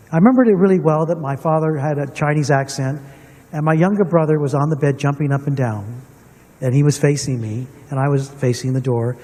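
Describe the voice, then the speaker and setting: A man's voice: a little high, darkish tone. Earnest man speaking in a reverberant hall. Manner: storytelling, personal and earnest, addressing the room. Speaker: symposium speaker. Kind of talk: reflective public talk to an audience. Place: large hall with long reverb. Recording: distant mic in a reverberant hall.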